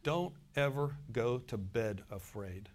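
This male pastor's sermon is folksy and directed squarely at the congregation, his mid-range voice expressive but slow. He shifts back and forth from loud emphasis to soft, whispered-sounding asides.

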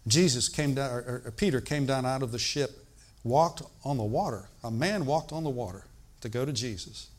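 At medium pitch, an elderly preacher delivers his sermon emphatically and with energy. He swings from loud bursts to quiet, deliberate emphasis.

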